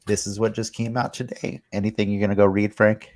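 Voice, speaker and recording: A man's voice: lowish voice, little pitch movement, a little fast, a little mellow. A man hosting a casual podcast, easygoing and steering the rundown of news items. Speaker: podcast host.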